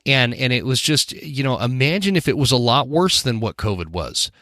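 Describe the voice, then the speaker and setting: A man's voice: medium pitch, lively intonation, moderate pace, bright, forceful tone, no echo, studio quality. A man hosting a podcast, talking earnestly and often restarting his sentences. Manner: earnest, with frequent restarts and fillers. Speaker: podcast host. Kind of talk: casual podcast conversation.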